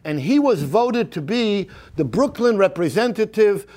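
A middle-aged man, a rabbi telling a story in a sermon, shifting from hushed whispers to rising fervor and mixing in Yiddish and Hebrew phrases. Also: high-pitched, lively intonation, measured pace. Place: synagogue.

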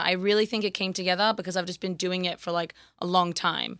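Fast, bright Australian woman. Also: lowish voice, fairly even intonation, clean tone, no echo, studio quality. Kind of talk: casual podcast chat.

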